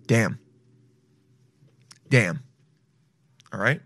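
A man talking straight to viewers in a casual, profane monologue, loud and animated, swearing freely. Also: fairly high pitch, moderate pace. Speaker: vlogger.

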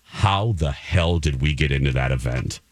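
A man's voice: extremely low pitch, normal speed, dry recording. A man hosting a podcast, telling a dramatic story in a casual chat and acting out the quotes. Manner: animated, dramatic, acts out quotes. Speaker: podcast host.

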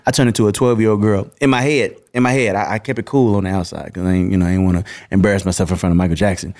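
A male guest telling anecdotes in a casual, animated way. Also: fairly low pitch, racing. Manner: animated, acts out voices. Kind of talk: casual storytelling.

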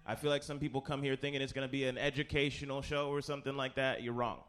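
A man hosting a live comedy panel on stage, deadpan and sarcastic, with halting fillers. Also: mid-range voice. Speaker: host. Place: live stage before an audience.

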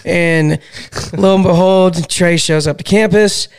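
Gravelly, slightly high-voiced young man. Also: a little slow. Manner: animated, joking storyteller. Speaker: podcast co-host. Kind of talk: casual podcast chat.

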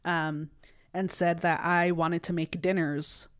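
A woman's voice: on the low side, flat delivery, slow, smooth. A woman co-hosting a podcast in casual conversation, talking in a rambling way with many fillers and restarts. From United States. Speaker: podcast co-host.

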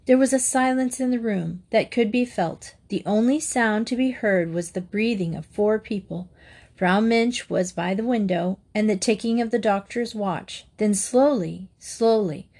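A woman reading a classic children's novel aloud in measured, steady narration. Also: mid-range voice. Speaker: audiobook reader. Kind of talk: scripted narration.

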